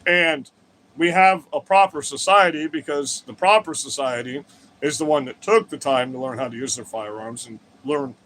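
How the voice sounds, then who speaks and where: A man's voice: mid-range voice, fairly bright tone, slight background noise. A man hosting a livestream, ranting crudely and combatively to his chat, swearing often and wandering off on digressions. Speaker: livestream host. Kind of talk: profane political rant to live chat.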